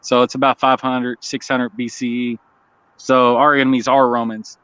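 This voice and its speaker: A man's voice: mid-range voice, flat delivery, moderate pace, pushed and bright, clear, resonant tone, dry recording. A man co-hosting a livestream coin auction, chatting casually, laughing often and greeting viewers in the chat. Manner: laid-back, laughs often, chats with viewers. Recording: slightly dull lo-fi stream audio.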